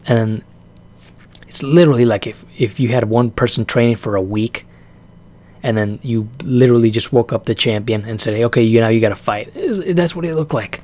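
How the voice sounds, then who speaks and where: A man's voice: mid-range voice, normal speed, a little mellow. A man ranting casually about a fight, profane and exasperated, breaking into laughs often. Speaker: vlogger reacting to a fight.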